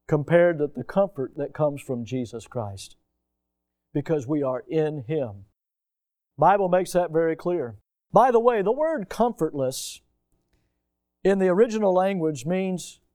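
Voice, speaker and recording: A middle-aged man preaching a sermon, telling a personal story and stretching key words slowly for emphasis. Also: on the high side, sing-song, mellow. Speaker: pastor.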